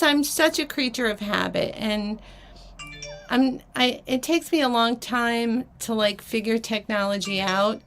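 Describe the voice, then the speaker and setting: A woman hosting a live shopping stream, talking unhurriedly in a fairly high voice. She sounds flustered and rambles, laughing often and breaking off with fillers and restarts. The talk is casual and chatty, aimed at her viewers. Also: a bit bright. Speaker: live auction host selling vintage jewelry.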